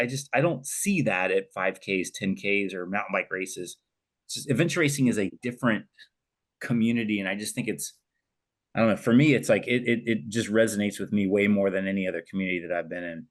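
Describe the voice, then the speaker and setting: A man co-hosting a podcast, telling stories in a lively, casual way and swearing freely. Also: lowish voice. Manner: animated storyteller, swears casually. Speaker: podcast co-host. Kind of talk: casual chat.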